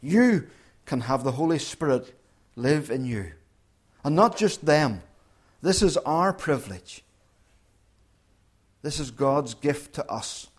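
A man preaching a sermon as pastor, slow and emphatic, repeating key phrases. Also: fairly high pitch, expressive. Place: church during communion service.

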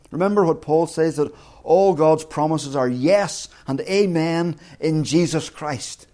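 Speaking as a pastor, this man delivers an earnest sermon in a fairly high voice. He lowers to hushed tones when quoting and climbs to forceful, emphatic highs.

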